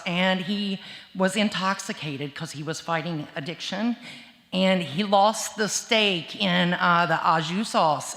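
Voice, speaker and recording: A woman who works as a peer recovery specialist shares a memory at a memorial, speaking haltingly and emotionally. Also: medium pitch, fairly bright tone. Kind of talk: memorial remembrance. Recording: echoey church hall over speakers.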